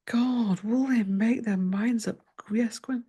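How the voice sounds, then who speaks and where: A woman's voice: fairly high pitch, slow, mellow, slightly rough. A woman hosting a tarot channel, flustered and swearing as she talks through her research in casual chat. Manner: flustered, muttering and swearing to herself.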